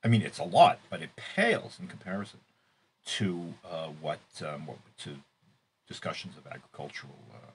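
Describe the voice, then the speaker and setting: Teaching the weekly Torah class, this middle-aged Israel-based man stumbles through restarts and fillers, then abruptly rises for emphasis. The voice sits low, with lively intonation and a slight hiss or hum.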